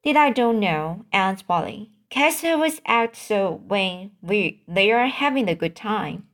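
A cheeky young boy answers back in a slow, halting voice, stopping to correct his own words. A woman reads his part aloud in a storybook reading. The pitch sits in a middling range. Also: lively intonation.

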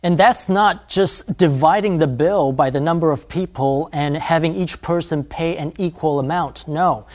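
A man co-hosting a scripted English lesson, explaining a phrase in a slow, careful way. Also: on the high side, a little mellow. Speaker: English teacher. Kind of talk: scripted language lesson dialogue.

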